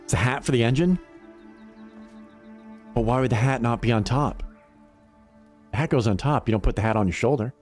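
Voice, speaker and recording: A man's voice: medium pitch, normal speed, pauses often, darkish tone, faint music behind. A middle-aged man chatting casually on a livestream, rambling and swearing, laughing often. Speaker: livestream gamer. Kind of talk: casual chat to stream chat.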